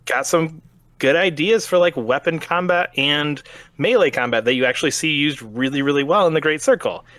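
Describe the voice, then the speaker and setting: A man co-hosting a casual game review chat, animated and fond of acting out bits of dialogue in quick voices. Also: a little high. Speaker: podcast co-host reviewing a game.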